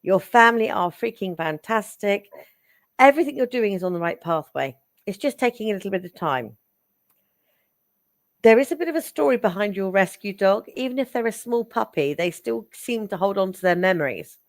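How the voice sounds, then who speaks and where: A woman giving psychic readings on a live stream, chatty and affectionate, getting excitable and calling viewers darling. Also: medium pitch, normal speed, no room sound, clean studio sound. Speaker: psychic reader.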